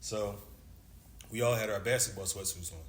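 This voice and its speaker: With a fairly low, fairly even voice at a moderate pace, this man in his thirties, once a basketball player, spins a long, casual, slangy tale and acts out the dialogue. A crowd sits in the background, and the room is echoey with faint noise.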